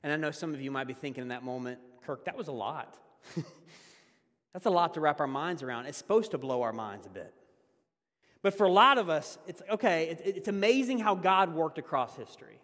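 A man preaching a conversational sermon as a pastor, laughing often and swinging between loud emphasis and hushed asides. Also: fairly high pitch, animated, a little fast, big-room sound.

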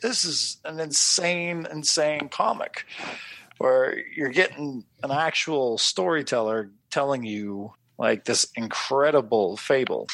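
A man co-hosting a podcast, chatting casually and telling animated stories, swearing and acting out his own reactions. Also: medium pitch, takes it slowly, creaky, no room sound. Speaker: podcast co-host. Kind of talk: casual chat.

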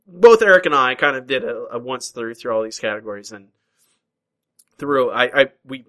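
A man's voice: medium pitch, lively intonation, moderate pace, sharp tone, low-quality recording. A man hosting a casual podcast chat, chatty and easygoing, often restarting his sentences. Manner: chatty, hesitant restarts, laughs easily. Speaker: podcast host.

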